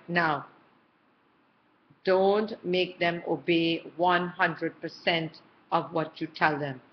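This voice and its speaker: A middle-aged woman offers parenting advice to camera in a warm, casual, chatty style, often checking in with her listener using "okay" and "all right." Her voice is lowish and the sound is lo-fi.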